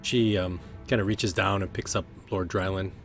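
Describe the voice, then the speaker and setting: A man narrating a tabletop game as game master, relaxed and hesitant with many fillers. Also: deep voice, moderate pace, faint music behind.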